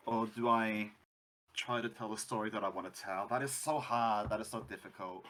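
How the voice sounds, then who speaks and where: A man's voice: lowish voice, moderate pace, a bit bright. A man running a tabletop game as game master, talking in a rambling way and often restarting his sentences. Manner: rambling, self-interrupting.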